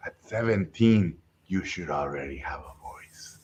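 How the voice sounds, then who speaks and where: A man voicing a gruff, stern older Hungarian art teacher who talks blunt and backwards, lower and quieter than his own voice. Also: expressive, slow, full character voice. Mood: scornful. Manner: blunt, Yoda-like word order.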